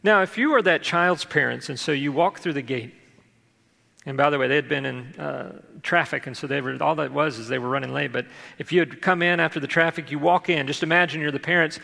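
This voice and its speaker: Gravelly-voiced pastor preaching in a hall. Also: male voice, a little high, fairly quick, bright, forceful tone. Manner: reads scripture then explains it conversationally. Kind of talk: sermon. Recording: long hall reverb.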